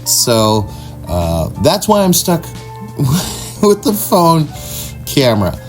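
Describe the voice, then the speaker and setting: A man from Washington state hosting a casual off-road vlog, relaxed and chatty with plenty of fillers, recorded on a phone in a vehicle outdoors. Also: fairly high pitch, takes it slowly. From Washington state, US Northwest. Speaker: vlog host. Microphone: phone camera. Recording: music playing underneath.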